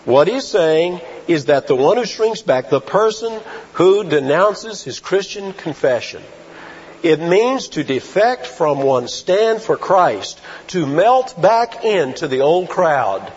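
Male pastor, emphatic sermon delivery, pitch swinging widely, muffled lo-fi sound. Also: big pitch swings, a little hiss or hum. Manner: emphatic preaching with rhetorical questions and slow stressed phrases. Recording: dull lo-fi sound.

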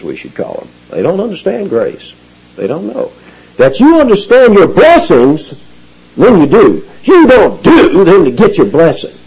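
A man preaching an expository sermon, explaining Bible words with animated emphasis and teacherly asides. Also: mid-range voice, slightly rough, lo-fi sound. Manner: animated teaching, rising emphasis on key phrases. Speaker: pastor.

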